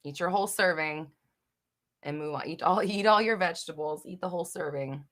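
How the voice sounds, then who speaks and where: A young woman with a bright, slightly low voice chats live at her desk mic from home. She reads viewers' comments aloud and answers them in a giggly, rambling way. She is full of fillers and drops the occasional swear. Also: fairly quick. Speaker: host of a live Q&A chat. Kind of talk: casual live-stream chat, reading comments. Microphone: desk microphone.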